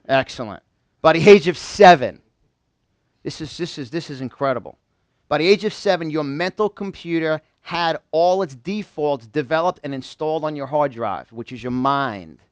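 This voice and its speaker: A man's voice: a little high, animated, moderate pace, dry recording. A man from New York giving a live motivational seminar, quizzing a small audience in call-and-response. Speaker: motivational speaker.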